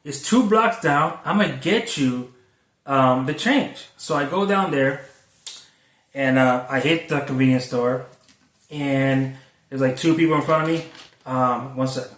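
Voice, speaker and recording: A man's voice: mid-range voice, measured pace, a bit bright, recorded from a distance. A man, a food delivery driver, telling a story in a rambling, conversational way with frequent cursing. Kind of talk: casual storytelling vlog. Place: Florida. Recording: echoey, from away from the mic.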